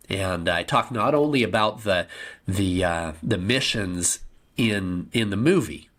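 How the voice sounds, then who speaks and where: A man's voice: sits low, fairly bright tone, slightly rough. A man who is a podcast guest, telling a vivid story and acting out the dialogue, often restarting his phrases. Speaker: podcast guest, film producer.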